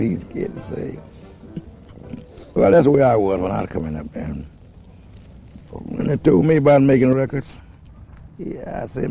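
A man's voice: medium pitch, lively intonation, moderate pace, creaky, pauses often, slight background noise. A man in his sixties telling rambling stories about his music career in a drawling way, acting out the other people's lines. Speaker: blues musician. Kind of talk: rambling storytelling. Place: outdoors in a city. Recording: dull old archive film audio with music.

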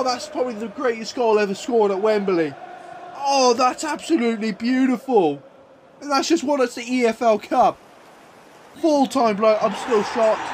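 A man commentating his own football video game career, moving between calm play-by-play and loud excited outbursts. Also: high voice, slight background noise. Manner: swings from calm play-by-play to shouting and swearing. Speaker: gaming YouTuber.

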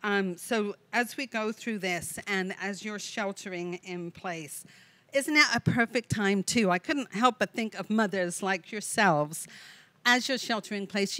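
A woman's voice: medium pitch, fairly bright tone, no echo. A woman, a women's ministry speaker giving a chatty, storytelling devotional talk and asking rhetorical questions. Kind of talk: warm devotional talk at a virtual tea. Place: chapel.

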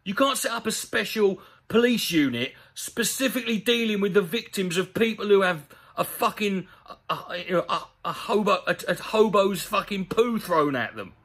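A man delivers a profane, sarcastic comedy rant. His voice sits high and swings widely up and down. He keeps an animated, mocking edge throughout. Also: normal speed. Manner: sweary, sarcastic, animated ranting. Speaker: comedy commentator. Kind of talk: ranting comedic commentary on a news story.

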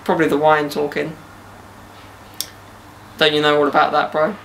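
A man's voice: on the high side, monotone, moderate pace, vocal fry, a bit bright, slight background noise. A young man hosting a casual podcast outdoors in a garden, bantering and joking with slang. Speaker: podcast host.

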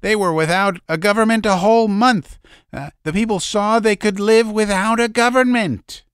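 A man plays a fiery little old man, vehement and shrill, shouting his claims high and loud in a storybook tale. The voice sits well above the reader's own and a little off-mic. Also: moderate pace, clean tone, no room sound, clean studio sound. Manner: vehement, crying out.

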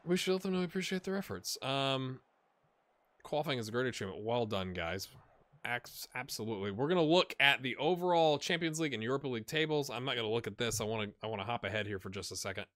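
A man's voice: mid-range voice, expressive, quick pace, a bit bright, no echo, studio quality. Chatty man thinking aloud over a game. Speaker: gaming channel host. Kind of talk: casual let's-play commentary.

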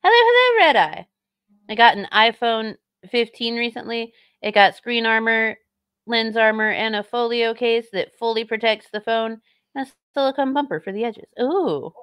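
A woman streaming casual commentary in a somewhat high voice. She talks in a blunt, mocking, sarcastic way. The sound is close and dry with no room to it. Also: fairly even intonation, moderate pace, clean tone, no echo, highs cut off. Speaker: streamer reacting to clips.

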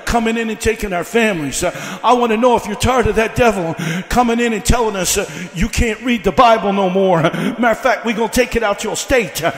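A man with a very high voice preaches a fiery revival sermon. He peppers his lines with "uh" and hammers the same questions again and again. His voice rings out with the long echo of a large hall. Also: brisk, hardly any pauses. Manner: fiery preaching with repeated "uh" fillers; builds by repeating questions. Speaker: evangelist. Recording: echoey hall.

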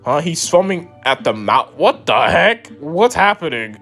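A young man streaming a casual comic read-along, excitable, swearing and laughing often. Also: on the high side, a little slow, vocal fry, faint music behind.

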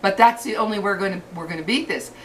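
Older woman, vlog rant, angry and profane, stumbles and restarts, mid pitch, recorded from a distance with faint hiss. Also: a bit bright. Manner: furious, cursing, halting restarts. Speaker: vlogger.

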